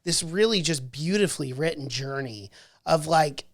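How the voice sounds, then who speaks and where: A mid-pitched voice hosting a casual book club podcast. They ramble through their thoughts and keep restarting and correcting their wording. They laugh easily along the way. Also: expressive, normal speed.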